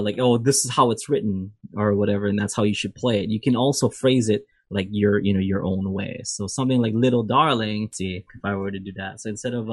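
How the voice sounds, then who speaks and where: A man's voice: lowish voice, a bit bright, no echo. Man, music teacher, casual lesson, rambling, fillers, dry voice, faint guitar. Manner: rambling, many fillers and restarts.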